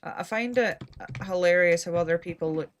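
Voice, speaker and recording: Streaming a game, a woman from Scotland keeps up a rambling, casual chat full of dry humor. She talks fairly quickly in a lowish voice.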